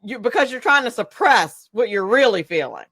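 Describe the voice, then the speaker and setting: Lively, chatty woman radio host. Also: a little high, moderate pace, slightly rough, no echo. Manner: chatty and giggly, with stammered restarts. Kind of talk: casual interview chat.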